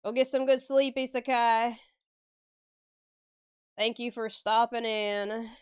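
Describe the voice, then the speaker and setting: A woman's voice: a little high, fairly even intonation, slow pace, clear, resonant tone. A woman streamer chatting casually with her viewers while she draws. She laughs often and swears freely as she answers chat. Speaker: live-stream artist.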